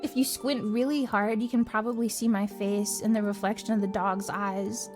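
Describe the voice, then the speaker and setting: A young woman streamer telling stories in an animated, giggly way, swearing often. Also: medium pitch, normal speed, over music. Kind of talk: casual chat.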